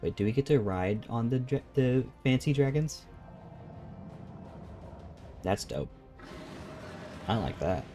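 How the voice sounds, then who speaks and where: A man's voice: medium pitch, sing-song, takes it slowly, long pauses, warm tone. A man streaming a video game, chatting casually, musing aloud and reading game lines. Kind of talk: casual let's-play commentary. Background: game music.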